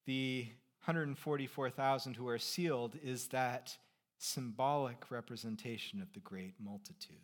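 A middle-aged pastor preaches a sermon in a conversational way, posing rhetorical questions and moving between quiet asides and emphatic points. His voice is medium in pitch and a little slow.

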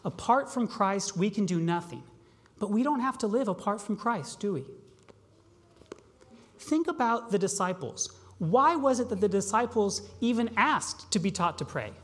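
A pastor preaching a sermon, asking rhetorical questions and slowing down on key phrases. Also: mid-range voice, animated. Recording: long reverb of a large hall.

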